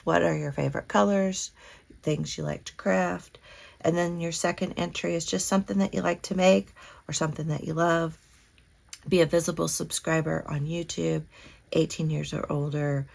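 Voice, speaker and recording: A woman's voice: low-pitched, creaky. A woman from Kentucky, chatting casually and gushing as she hosts a crafting unboxing vlog. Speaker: crafting channel host.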